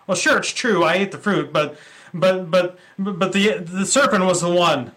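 A man's voice: high-pitched, normal speed, fairly bright tone. A man doing a stammering, flustered Eve. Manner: stammering excuses. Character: Eve, woman excusing herself, flustered.

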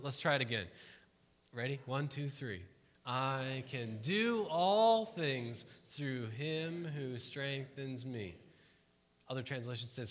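Casual preacher guy keeps saying "right?", sharp bright tone, reverb-y church hall. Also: medium pitch. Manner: conversational, asks the room "right?" often; acts out quoted voices. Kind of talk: sermon to a congregation.

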